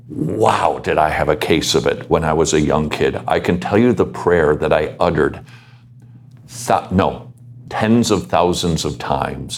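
Very deep-voiced man exhorting students. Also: darkish tone. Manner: earnest, exhorting, asks the audience questions. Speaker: panel speaker. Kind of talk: pastoral talk to students.

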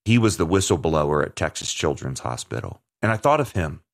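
A man's voice: extremely low pitch, sing-song, a little fast. A man hosting a talk show, speaking earnestly and emphatically in conversational commentary, often restarting his sentences.

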